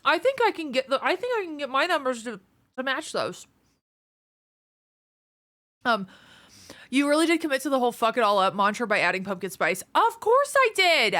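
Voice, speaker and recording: A woman's voice: high-pitched, big pitch swings, brisk, long pauses, fairly bright tone. A woman streamer chatting casually with her viewers, a bit out of breath, greeting people by name. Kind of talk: casual chat reading viewer messages.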